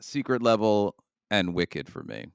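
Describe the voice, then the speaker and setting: A man with a low, resonant voice talks casually on a gaming podcast. He rambles and restarts his sentences often. The sound is close and dry, with no room around it. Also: sing-song, measured pace, gravelly, smooth, dry recording. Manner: rambling, with many fillers and restarts. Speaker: podcast co-host.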